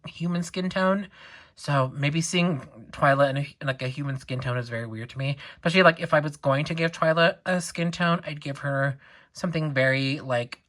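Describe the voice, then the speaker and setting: A young woman collector chatting casually through a doll unboxing, excitable and chatty with lots of "like" asides. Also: low voice.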